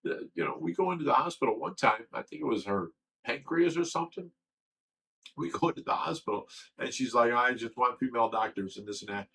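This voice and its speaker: A man's voice: mid-range voice, expressive, brisk, gravelly, a bit bright, a little hiss or hum, poor audio. A livestream host talking candidly and emotionally, rambling and swearing as he tells a personal story. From Ohio.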